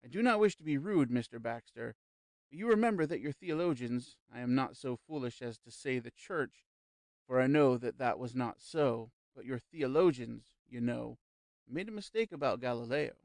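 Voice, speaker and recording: Audiobook: man voicing a calm, smooth male medium, slow and reassuring, mid-pitched, dry close read. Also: no echo, natural voice. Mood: persuasive. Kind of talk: audiobook character reading.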